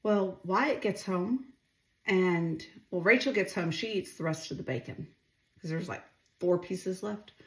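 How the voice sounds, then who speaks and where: A woman's voice: on the low side, measured pace, roomy sound. A middle-aged woman chatting casually while she cooks, rambling and asking viewers questions. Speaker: home cooking vlogger. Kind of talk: casual chatty cooking vlog. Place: home kitchen.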